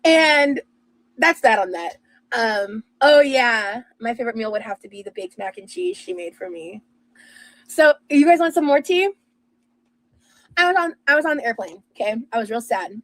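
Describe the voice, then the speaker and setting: A woman's voice: on the high side, lively intonation, moderate pace, fairly bright tone, rough recording. A young woman telling a rambling personal story in casual chat, with lots of fillers and restarts. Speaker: streamer and podcast host.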